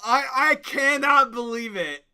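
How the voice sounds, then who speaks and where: A man's voice: very high voice, animated, unhurried, pushed and bright, clean tone, no echo. A young man hosting a casual stream, reacting to a clip with laughing, profane disbelief.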